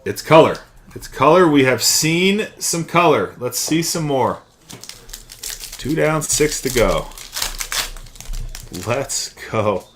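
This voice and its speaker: A man's voice: fairly high pitch, expressive, takes it slowly, long pauses, fairly bright tone, slight background noise. A young man hosting a live card-opening stream, chatting and calling out each card as he pulls it. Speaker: card break host.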